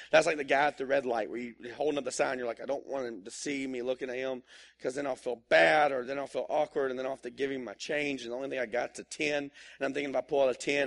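A man's voice: mid-range voice, vocal fry. A male pastor preaching a sermon in a casual, joking storytelling manner, acting out little asides.

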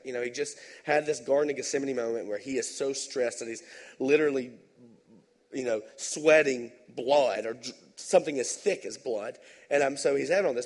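A man pastor giving a conversational, animated sermon in a church sanctuary. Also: medium pitch. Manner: conversational, animated, tag questions. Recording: long hall reverb.

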